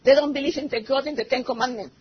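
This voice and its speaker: A woman's voice: high-pitched, fast talker, breathy edge. A middle-aged woman, a native Spanish speaker with a Spanish accent, giving a church testimony in broken English and slipping into Spanish as she tells her story. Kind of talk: personal testimony. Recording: slightly muffled recording with faint noise.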